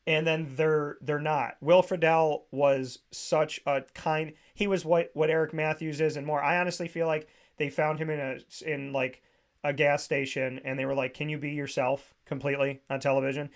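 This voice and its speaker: A man hosting a radio talk show, telling stories in a casual, animated way and mimicking other voices. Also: fairly high pitch. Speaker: radio host.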